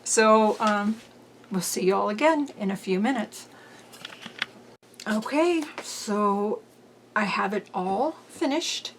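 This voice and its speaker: Slow, chatty woman quilting host. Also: medium pitch, expressive, a little hiss or hum. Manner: chatty, unhurried, frequent "um" fillers; cheerful and self-deprecating about her mistakes. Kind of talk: casual sewing vlog. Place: at home.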